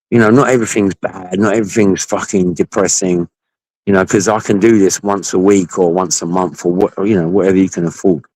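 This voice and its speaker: A man's voice: fairly low pitch, darkish tone, dry recording, rough recording. Swearing, rambling storyteller man, dry sound. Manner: swears freely, rambling anecdotes. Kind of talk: casual panel chat. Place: home setup on a live video call. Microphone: video call.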